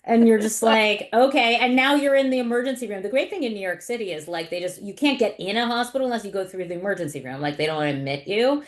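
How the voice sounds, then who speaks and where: A woman's voice: mid-range voice, fast talker, hardly any pauses. A woman hosting a podcast, talking in an easygoing conversational way. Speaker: podcast host. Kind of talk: casual conversational interview.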